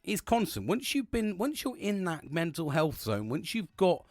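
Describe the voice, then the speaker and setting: A man's voice: sits high, sing-song, moderate pace, no echo, clean studio sound. A man hosting a solo podcast, talking candidly and bluntly in a rambling, casual way, swearing freely and often restarting his sentences. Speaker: podcast host.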